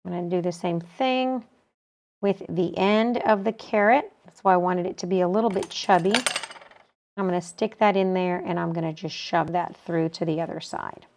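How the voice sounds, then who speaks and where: A woman calmly explaining a quilting technique step by step as she works with her hands. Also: lowish voice, moderate pace, gravelly. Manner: calm, practical, talks while working with her hands. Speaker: quilting instructor. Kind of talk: step-by-step sewing tutorial.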